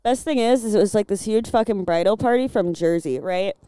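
A smooth, mellow woman's voice at medium pitch, talking a little fast with no echo. She's a Midwesterner from Illinois in her twenties who works the door at a bar, and she's chatting casually as a podcast guest, telling stories. She's a chatty storyteller who packs her talk with "like" and swears freely.

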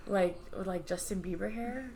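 A woman chatting casually, with playful jokes and giggly quick reactions. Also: medium pitch, vocal fry. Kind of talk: casual chat. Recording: crowd noise behind.

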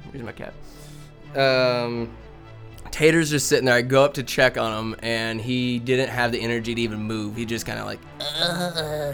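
A man's voice: mid-range voice, a bit bright. Rambling young man telling cat stories. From Northern California. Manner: rambling and chatty, with profanity and laughs. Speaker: vlogger. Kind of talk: casual rambling storytelling. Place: home room with a bookcase.

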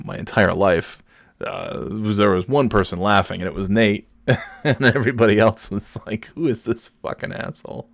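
A man with a deep, low voice talks through a casual solo podcast. He rambles and laughs at his own jokes, and he is recorded up close in a dry room with no echo. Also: vocal fry. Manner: breaks into loud mock announcer bits. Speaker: podcast host.

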